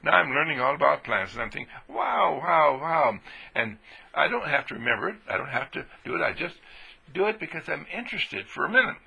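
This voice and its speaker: A man giving an exuberant motivational talk on radio, swinging between hushed and loud and laughing often. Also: on the high side, sing-song, quick pace, creaky, husky. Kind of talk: animated motivational monologue.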